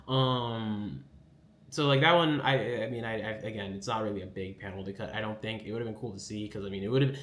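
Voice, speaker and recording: A man's voice: lowish voice, a little fast, fairly bright tone, a little hiss or hum. Rambling man recapping in an echoey room. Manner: rambling and enthusiastic, heavy on filler words. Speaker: anime recap host. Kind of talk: casual spoken recap. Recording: echoey room with faint ambience.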